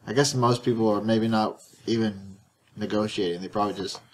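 A man's voice: on the low side, steady tone, fairly quick, slight background noise. A man co-hosting a casual podcast, telling a long rambling story with many restarts and stammers. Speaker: podcast co-host. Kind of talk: casual chat.

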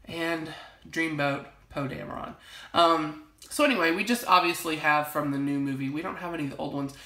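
A young woman talks casually to her viewers at home, gushing about her favorite things and rambling through plenty of fillers. Her voice sits low and has a gravelly edge. The room around her is noticeably echoey. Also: a bit bright. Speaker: vlogger showing a collection. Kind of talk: casual chat to camera. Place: home library.

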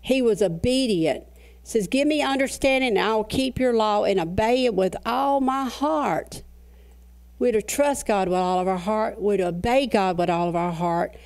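A woman's voice: mid-range voice, a little mellow. Earnest woman pastor preaching. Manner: earnest preaching with slow emphatic scripture readings. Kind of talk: sermon.

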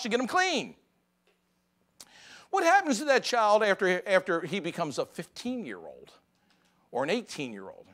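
A man preaching a Sunday sermon in a church, talking to the congregation in a conversational way, his voice rising for emphasis and then dropping low. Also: fairly bright tone. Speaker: pastor. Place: church sanctuary.

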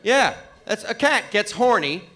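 A man doing an animated stand-up comedy routine on a club stage. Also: sits high, a little slow. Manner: animated storytelling with mock cat yowls. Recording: live club recording with crowd noise. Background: audience laughter.

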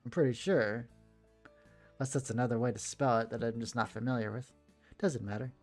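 A man's voice: mid-range voice, steady tone, brisk, darkish tone, faint music behind. A man hosting a gaming video, reading a visual novel aloud and dropping joking, wry asides between the lines.

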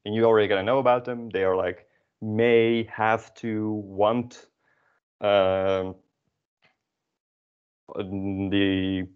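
Lower-voiced man teaching, joking dryly. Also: little pitch movement, slow pace, pauses often, clean tone, phone-quality sound. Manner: casual, self-mocking explanations with many fillers. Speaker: Dutch language teacher. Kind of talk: online class lecture.

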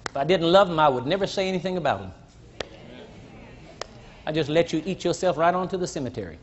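An older man preaching a sermon to a congregation, teasing and blunt, rising to shouts and dropping low. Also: lively intonation, quick pace, slight background noise. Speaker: pastor. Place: church. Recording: dull lo-fi church recording, faint crowd.

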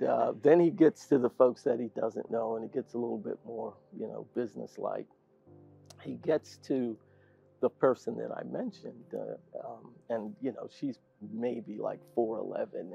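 An older man, a guest in an interview, telling an animated story and laughing often. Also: medium pitch, vocal fry, husky. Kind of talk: storytelling anecdote in conversation. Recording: dull lo-fi sound.

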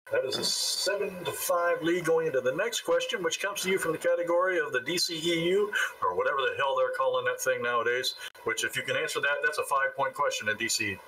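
Bright-voiced male trivia host, a bit distant. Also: on the high side, slight background noise. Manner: counts down briskly, wry asides. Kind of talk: game show hosting, reading questions.

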